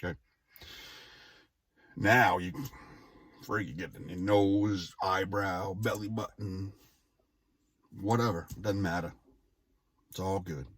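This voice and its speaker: A man's voice: deep voice, steady tone, takes it slowly, long pauses, a bit bright, no room sound. A man in his forties telling a personal story casually, rambling off on tangents and interrupting himself with wry asides. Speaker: vlogger.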